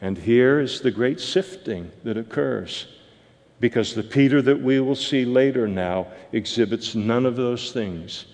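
A man delivers a verse-by-verse sermon at an ordinary pitch, halting on fillers before climbing into emphatic bursts. His voice rings with a long reverb from a hall. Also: darkish tone. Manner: many fillers and restarts, rising to emphatic peaks. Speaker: preacher.

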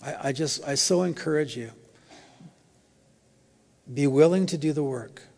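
A man's voice: a little high, unhurried, vocal fry, darkish tone. Earnest man preaching in a reverberant church. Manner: earnest, confessional storytelling. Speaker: guest preacher. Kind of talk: sermon with closing prayer. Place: church sanctuary. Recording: long hall reverb in a church.

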